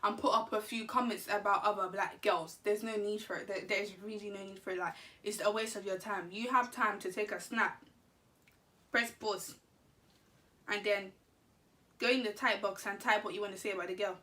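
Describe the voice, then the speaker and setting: A woman telling a story to camera in an animated, slangy, laughing way. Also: mid-range voice, moderate pace, recorded from a distance. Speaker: vlogger. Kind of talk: casual storytime.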